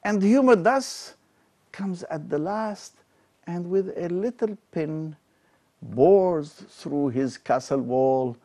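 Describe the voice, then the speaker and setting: A man reciting the lines of a melancholy deposed king in slow, declamatory verse, his loudness swelling and falling. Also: fairly high pitch, pitched above the performer's own voice. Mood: mournful.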